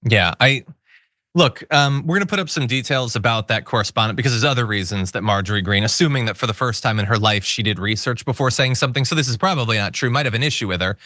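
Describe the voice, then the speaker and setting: A man's voice: medium pitch, fast, sharp tone, dry recording, studio quality. A man hosting a political commentary show, talking in a sarcastic, mocking way. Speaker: host.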